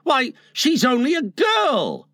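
Shrill, outraged little boy, played by a male narrator, very high, dry close sound. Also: big pitch swings, slow pace, a bit bright, no echo, heavily acted. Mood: aghast. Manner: shrill, aghast. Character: John, a startled, indignant older brother. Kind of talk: storybook reading.

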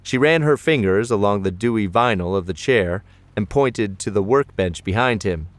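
A man narrating a novel as an audiobook, in a measured storytelling manner. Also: fairly low pitch, lively intonation, no echo.

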